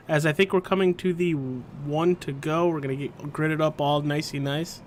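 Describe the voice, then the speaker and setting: Bantering male race commentator, higher voice. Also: normal speed, fairly bright tone, slight background noise. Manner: play-by-play calls mixed with banter. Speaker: sim racing commentator.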